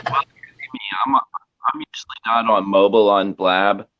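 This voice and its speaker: A man chatting casually on a livestream in a halting, effusive way. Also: fairly low pitch. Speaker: livestream guest. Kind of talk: casual chat. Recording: muffled lo-fi stream audio.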